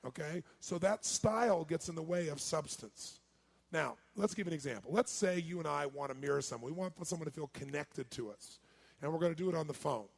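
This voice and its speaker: A man giving a live seminar talk as a motivational speaker, energetic and quizzing his audience. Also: a little high. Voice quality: raspy, gravelly.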